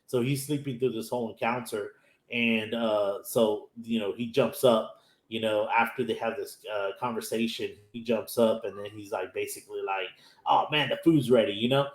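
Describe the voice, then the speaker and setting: A man's voice: fairly low pitch, steady tone, moderate pace. An American man from Houston hosting a casual anime episode recap. He tells the story loosely, full of "like" and "you know", and acts out the characters' lines in his own voice. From Houston, Texas. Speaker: anime podcast host. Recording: roomy echo.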